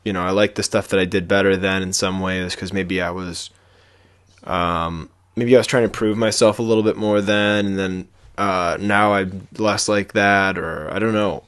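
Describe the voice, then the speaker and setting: A man co-hosting a podcast about woodcarving, talking in a low-key, self-deprecating way that trails off at the ends of thoughts. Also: steady tone, normal speed, fairly bright tone, clear, resonant tone. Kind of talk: casual chat.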